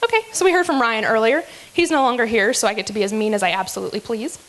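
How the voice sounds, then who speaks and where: A woman with a slightly high voice runs a live comedy roast from the stage. She teases each speaker with a giggly, rambling delivery full of ums and likes. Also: very fast, a bit bright. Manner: teasing, giggly, many fillers. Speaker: roast emcee.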